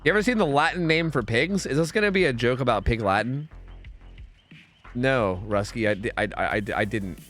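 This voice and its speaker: A man's voice: mid-range voice, a little fast, fairly bright tone, soft background music. A man streaming a game, chatting casually with viewers, rambling and swearing, saying dude a lot. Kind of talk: casual chat with chat while gaming.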